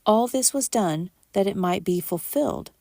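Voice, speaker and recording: A woman hosting a podcast, reading scripture aloud at a measured pace and lifting her voice for quoted speech. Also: mid-range voice, expressive, vocal fry, mellow, no room sound, studio quality.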